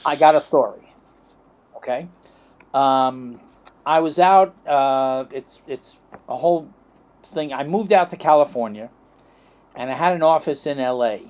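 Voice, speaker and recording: A middle-aged American man appears as a chiropractic guest on a podcast, telling long, rambling anecdotes, acting out quoted dialogue, and checking in with "okay?" and "right?". He speaks at a measured pace in a medium-pitched, slightly mellow voice, pausing often.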